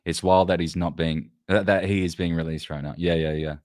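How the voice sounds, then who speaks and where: Aussie bloke on a livestream, real low voice, rambly and sweary, dry close sound. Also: male voice, fairly even intonation, a little fast, a little mellow, no echo. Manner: rambling, loose and profane, chatting to viewers. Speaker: livestream host. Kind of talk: casual livestream chat.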